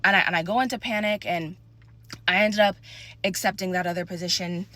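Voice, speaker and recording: A woman's voice: lowish voice, steady tone, brisk, sharp tone, no room sound. A woman giving an earnest, emphatic personal faith testimony in a conversational, preaching way.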